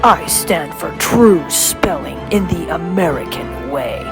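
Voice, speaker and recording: A woman's voice: fairly low pitch, expressive, takes it slowly, music in the background, voice pushed down. A woman voicing a heroic superhero letter E who makes grand, proclaiming announcements.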